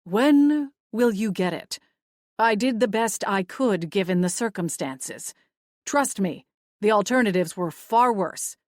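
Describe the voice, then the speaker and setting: A woman's voice: medium pitch, lively intonation, measured pace, a little mellow, no room sound, clean studio sound, close to an everyday voice. A woman voicing an impatient young man who speaks in clipped, dismissive lines. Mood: exasperated.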